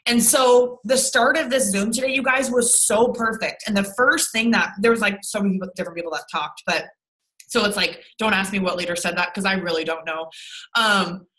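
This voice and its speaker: A woman's voice: medium pitch, normal speed, fairly bright tone, rough recording. A young woman leading her sales team over a video call, blunt and rambling, with lots of swearing and fillers.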